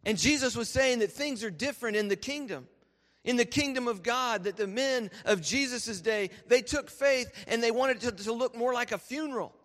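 A man, a pastor preaching a sermon and telling lively stories that he laughs through. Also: very high voice, normal speed. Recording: reverberant church hall.

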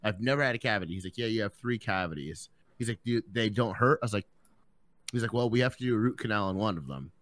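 A young man with a fairly low voice, chatting casually on a podcast. He swears a lot and tells his story by acting out the other people's lines. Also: expressive, fast talker, a bit bright, no room sound. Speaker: podcast co-host. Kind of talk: casual chat.

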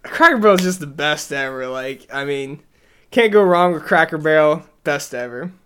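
A young man from the Southern US co-hosting a podcast, telling stories in an energetic, joking, rambling way. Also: on the high side, moderate pace, a little hiss or hum. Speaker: podcast co-host. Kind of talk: casual chat.

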